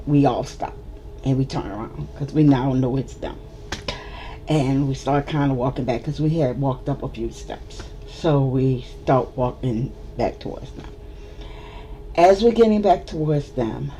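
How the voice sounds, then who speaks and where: A woman with a notably low voice tells a story to the camera. She speaks at an easy, unhurried pace, and her pitch swings widely as she brings each moment to life, slipping into the other people's voices. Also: expressive, warm tone, slight background noise. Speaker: vlogger. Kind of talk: storytime vlog.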